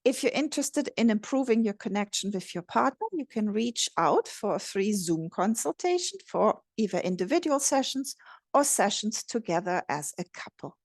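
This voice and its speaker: A woman relationship coach giving a gentle, measured instructional talk. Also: mid-range voice, very animated, dry recording, studio quality. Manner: gentle, measured, modelling empathetic phrases.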